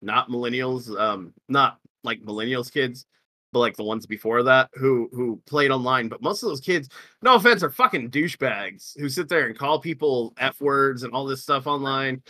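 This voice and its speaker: Guy with a bright edgy voice ranting about gaming, swears constantly, says like a lot. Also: mid-range voice, moderate pace, no room sound. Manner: heavy swearing, lots of "like", ranting. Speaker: podcast co-host. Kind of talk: casual gaming chat.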